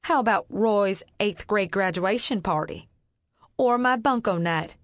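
A woman's voice: mid-range voice, a little slow, dry recording, clean studio sound, close to an everyday voice. A woman voicing a stern, scolding Southern mama. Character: stern Southern mother, sharp-tongued, proud.

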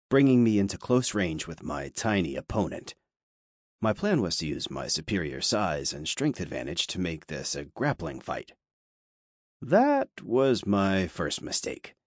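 A man with a low, steady voice narrates a first-person audiobook. His delivery is wry and measured. The sound is close and dry, recorded in a studio booth with no room echo.

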